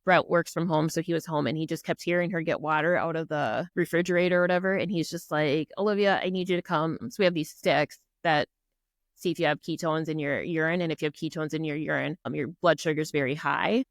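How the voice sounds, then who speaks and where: A woman's voice: deep voice, a little fast, dry recording, clean studio sound. A middle-aged woman from Minnesota, a podcast guest, telling a personal story in earnest, acting out what people said and using many fillers such as "like" and "um". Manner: earnest, animated retelling that acts out quoted dialogue.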